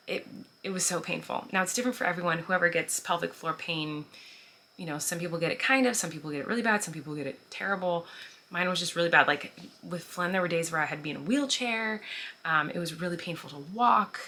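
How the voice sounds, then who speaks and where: Casual vlogger, woman in her thirties: low pitch, bright forward tone, chatty and filler-heavy delivery. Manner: chatty, frequent "like" and "um", laughs while talking. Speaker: vlogger answering viewer questions. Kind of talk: casual chat.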